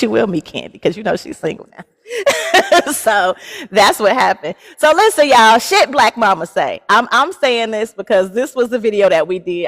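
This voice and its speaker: A woman's voice: mid-range voice, a bit bright, big-room sound. A woman in her forties hosting a casual livestream, chatty and laughing often as she talks straight to her viewers. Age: 40s. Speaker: live show host.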